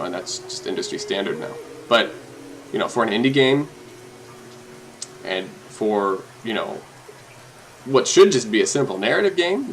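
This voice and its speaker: A man giving casual, jokey commentary while playing a game, often gushing in a high voice. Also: poor audio. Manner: excitable and jokey, jumps to high-pitched gushing. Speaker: let's play host.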